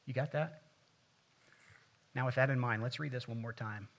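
Bright-voiced man preaching a sermon. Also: medium pitch, moderate pace, pauses often. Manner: preaching with swelling intensity, reading scripture aloud. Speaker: pastor.

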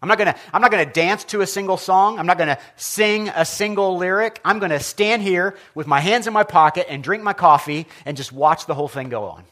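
A pastor acting as a sulking, defiant older brother. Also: male voice, high-pitched, brisk, hardly any pauses, a bit bright, voice pushed up. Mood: indignant. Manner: defiant, indignant ranting. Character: resentful sulking young man, the older brother.

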